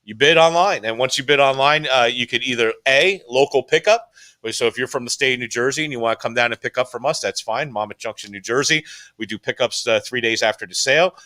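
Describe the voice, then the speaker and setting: Bright-voiced rambling auction guy. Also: mid-range voice, fast talker. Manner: rambling, lots of fillers and restarts. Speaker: auction house owner, guest. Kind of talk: casual chat on a live stream.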